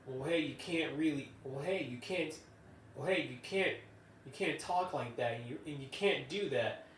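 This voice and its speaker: A man's voice: on the high side, moderate pace, a bit bright, slight background noise, lightly acted. A man putting on a sweetly scolding mother-hen boss lady. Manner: sweetly scolding, calls people honey. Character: bossy motherly woman manager, condescending. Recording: roomy, distant from the mic.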